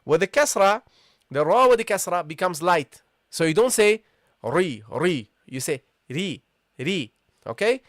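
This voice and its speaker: High-voiced man teaching live, "okay?". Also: big pitch swings, a bit bright, no room sound, clean studio sound. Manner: repetitive, checks in with "okay?" and "guys"; models pronunciations slowly. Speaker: Arabic teacher. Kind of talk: live online lesson.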